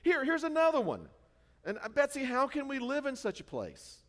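A man voicing a frightened, exasperated young woman prisoner, raising his pitch and pleading loudly. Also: wildly swooping pitch, normal speed, heavily acted. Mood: dismayed. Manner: raised pitch, loud and pleading. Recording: reverberant hall.

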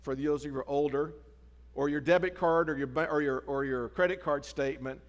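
A man's voice: a little high, a little fast. A middle-aged man preaching a sermon as pastor, talking in a conversational way with frequent restarts and asides. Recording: long hall reverb.

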